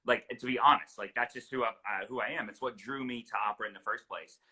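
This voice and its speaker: A man's voice: mid-range voice, quick pace, sharp tone, a little hiss or hum, poor audio. A man hosting an interview, chatty and enthusiastic, his speech full of casual fillers. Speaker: host.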